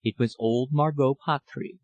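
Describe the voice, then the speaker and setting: A man reading a classic novel aloud as an audiobook narrator, in a steady, measured way. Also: medium pitch, muffled recording.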